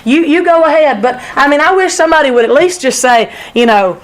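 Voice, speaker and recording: An adult woman who once taught sixth grade leads a women's Sunday school class at church. Her high voice is animated and fairly quick, and she speaks emphatically and repetitively. The audio quality is poor.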